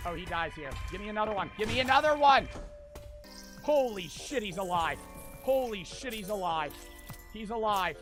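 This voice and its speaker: Frantic gamer dude, sharp bright voice, cussing nonstop, random yells, bit of music under. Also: male voice, sits high, animated, normal speed. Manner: frantic, swearing, sudden loud outbursts. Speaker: gaming streamer. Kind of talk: frantic gameplay commentary.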